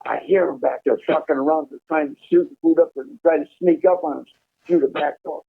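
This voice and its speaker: A man telling a profane, animated prison story over a prison phone call. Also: on the high side, a little fast, gravelly, husky. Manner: profane, animated storytelling, laughing at his own tale. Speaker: incarcerated caller telling prison stories. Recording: tinny phone line.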